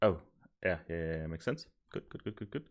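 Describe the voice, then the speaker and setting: A man streaming while he codes, thinking aloud, mocking his own mistakes and sometimes yelling happily. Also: deep voice, brisk. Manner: thinks aloud, self-mocking, bursts of excited yelling and laughter. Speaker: streamer coding a simulation tool. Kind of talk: casual live coding commentary.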